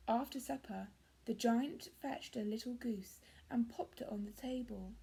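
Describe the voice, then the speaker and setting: Slow, breathy English teacher reading aloud. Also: female voice, a little high. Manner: clear, gentle storytelling. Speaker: primary school teacher. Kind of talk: reading a picture book aloud to children.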